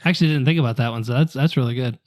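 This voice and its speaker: Male podcast co-host, musing, thinks out loud with restarts. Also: mid-range voice, racing. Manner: thinks aloud, repeats words and restarts. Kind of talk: casual chat.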